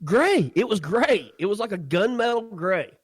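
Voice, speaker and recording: A man co-hosting a podcast, telling a crude story in a casual, animated way and laughing often. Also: sits high, normal speed, slightly rough, dry recording. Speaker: podcast co-host.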